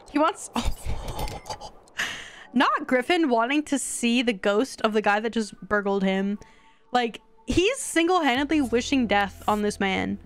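A young woman streaming a life-sim game, chatting casually to her viewers and getting excitable. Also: fairly high pitch. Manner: chatty, excitable, talks to chat. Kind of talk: casual gameplay commentary.

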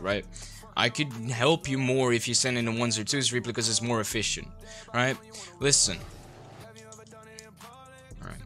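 A man's voice: mid-range voice, sharp tone. A young man coaching a player through a game replay, blunt, sarcastic and full of swearing.

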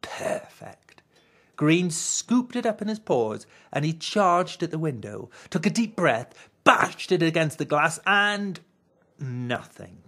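Slow, expressive picture-book storyteller. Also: medium pitch. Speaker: narrator. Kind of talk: children's picture book read-aloud.

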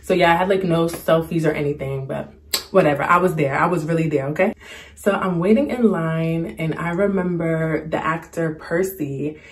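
A young woman chatting casually to the camera, telling a story and acting out the quotes in a higher voice. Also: normal speed. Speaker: storytime vlogger.

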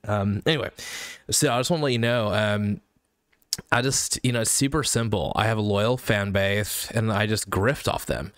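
A man performing a satirical comedy monologue in a mock Valley Girl voice, giggly and rambling, breaking into high squeals. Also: no echo, studio quality. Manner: high squeals between sentences. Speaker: YouTuber.

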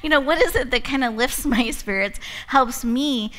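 A woman's voice: high-pitched, normal speed. A woman hosting an event, giving a motivational talk full of personal stories and frequent laughter. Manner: laughs often, animated storytelling. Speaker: event host and speaker.

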